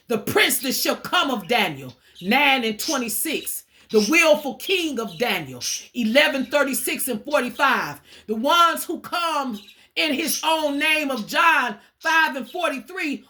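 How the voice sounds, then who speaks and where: This spiritual teacher is a woman with a high, pushed, bright voice. Her informal, sermon-like talk is emphatic and repetitive, and she swears casually and addresses her listeners as "y'all."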